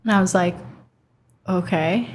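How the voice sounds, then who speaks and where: A young Pakistani woman appears as an interview guest, reflectively telling a personal story and quoting her own thoughts. Her voice sits fairly low in pitch, and she speaks at a measured pace.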